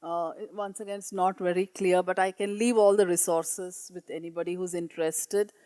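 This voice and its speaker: A woman's voice: on the low side, fairly even intonation, moderate pace, mellow, smooth, no room sound. A woman teacher presenting classroom work at a meeting, earnest and hesitant, reading pupils' writing aloud. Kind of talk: conference presentation. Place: meeting room.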